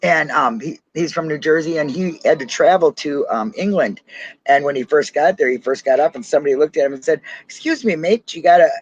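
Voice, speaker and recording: A man with a Minnesotan accent in casual podcast chat, chatty, talking fast and laughing often. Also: a little high, breathy edge, lo-fi sound. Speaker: podcast co-host.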